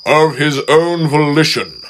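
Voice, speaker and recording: A man voicing a proud, grave male express engine who speaks slowly and firmly. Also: medium pitch, sing-song, a bit bright, a little hiss or hum, rough recording. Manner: grave, firm, slow.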